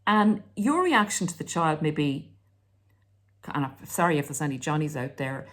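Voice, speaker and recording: Woman, low voice, lively pitch, casual monologue, acts out dialogue. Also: normal speed. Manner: animated, acts out quoted dialogue. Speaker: relationship commentator.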